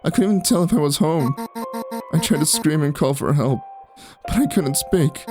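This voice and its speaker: A man voicing an angry, frightened young woman who shouts accusations at her sister. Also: lively intonation, fairly quick, close to an everyday voice. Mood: tearful. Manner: shrill, accusing, rising. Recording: background music.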